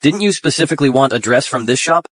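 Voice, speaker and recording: A man's voice: mid-range voice, lively intonation, quick pace, dry recording, natural voice. An actor playing a greedy young man who sneers at the poor and fawns on the rich, in an English drama dub. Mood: fawning.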